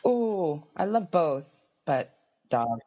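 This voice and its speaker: Female guest author, non-native English, lively delivery, lo-fi. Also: deep voice, slow. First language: not English. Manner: laughs easily, frank. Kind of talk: casual chat.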